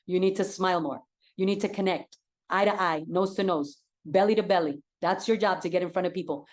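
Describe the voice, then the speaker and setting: A woman's voice: on the low side, a little fast. A woman real estate coach giving an enthusiastic, direct talk and repeating her key points for emphasis.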